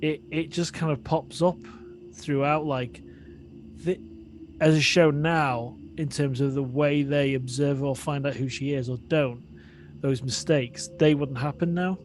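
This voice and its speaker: A man muses casually on a podcast, repeating words as he thinks aloud. His voice sits fairly high for a man. A faint hiss lies behind him. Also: steady tone, a little slow, a little mellow. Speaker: podcast co-host. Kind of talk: casual chat.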